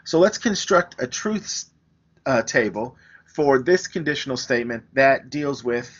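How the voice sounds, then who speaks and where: A man's voice: mid-range voice, lively intonation, unhurried, lo-fi sound. A man teaching a recorded math lesson, explaining step by step with everyday examples. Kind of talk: recorded lecture, writing on screen.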